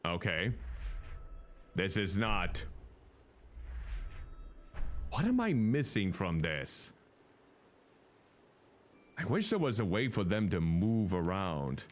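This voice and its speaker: A man's voice: low voice, sing-song, takes it slowly, pauses often. A male streamer giving chatty, casual commentary while playing a game and thinking aloud.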